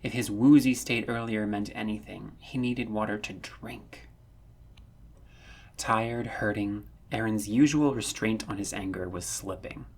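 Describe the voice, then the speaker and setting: Husky man narrating a fan story. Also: lowish voice, measured pace. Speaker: audiobook narrator.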